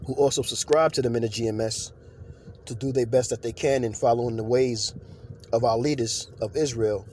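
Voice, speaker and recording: A man's voice: mid-range voice, steady tone, normal speed, a little mellow, a little hiss or hum. A man giving an informal scripture lesson, talking loosely with fillers and turning emphatic when he preaches. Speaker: religious teacher.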